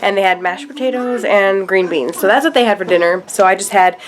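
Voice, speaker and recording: A woman vlogger cooks and eats in her home kitchen, chatting casually and narrating each step as she goes. Her voice is medium-pitched and fairly quick, and crowd noise can be heard.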